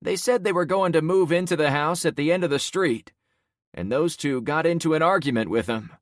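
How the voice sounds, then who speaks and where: A man's voice: on the high side, brisk, no room sound, clean studio sound, voice pushed up, close to an everyday voice. A man voicing a shaken neighbor reporting a crime to a crowd, urgent and raised.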